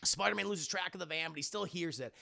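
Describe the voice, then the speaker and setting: A man streaming a casual, animated film recap, swearing often and acting out scenes in voices. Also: a little high, fast, gravelly.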